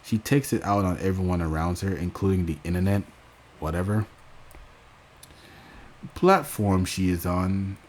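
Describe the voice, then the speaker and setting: Young man, very deep low voice, casual commentary rant, halting, swearing. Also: a little mellow, a little hiss or hum. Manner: halting, frequent fillers and restarts, swearing. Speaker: YouTube commentator.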